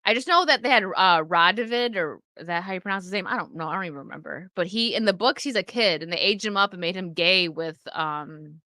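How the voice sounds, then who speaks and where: A woman's voice: lowish voice, lively intonation, brisk, hardly any pauses, pushed and bright, dry recording. A young adult woman casually chatting on a live stream, reading and answering viewer comments with lots of fillers.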